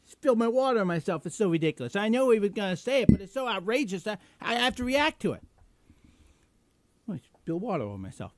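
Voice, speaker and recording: Hosting a live political internet show, a man rants with sarcastic, combative indignation, full of fillers and restarts. His high-pitched voice is very animated and quick.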